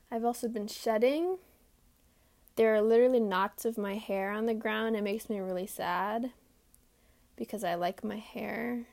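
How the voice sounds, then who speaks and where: Alone in her room, a young woman hosts her podcast in a gravelly, darkish mid-range voice. Her chat is loose and rambling, full of fillers and self-mockery.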